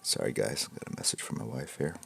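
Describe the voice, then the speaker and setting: A man's voice: very deep voice, a little fast, gravelly, slight background noise. A man hosting a live art critique stream, chatting casually and rambling with jokes, fillers and restarts while wearing headphones. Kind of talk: casual livestream chat. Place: room at home with piles of comic books.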